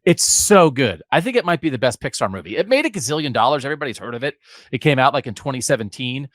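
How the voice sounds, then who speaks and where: A man hosting a podcast, talking in an animated, joking and enthusiastic way. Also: mid-range voice, fast talker, no room sound. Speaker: podcast host. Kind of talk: casual podcast chat.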